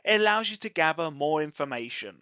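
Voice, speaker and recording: An English teacher giving an online lesson, explaining clearly and encouragingly and demonstrating rising and falling intonation. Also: medium pitch, lively intonation, a little fast, pushed and bright, dry recording, dull audio.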